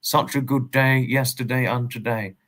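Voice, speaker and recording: English male livestream host, mid-pitched, rambling and repetitive, politely formal with viewers. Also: steady tone, moderate pace, fairly bright tone. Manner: rambling, repeats himself, polite and formal phrasing. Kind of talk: casual livestream chat, greeting viewers and reading messages.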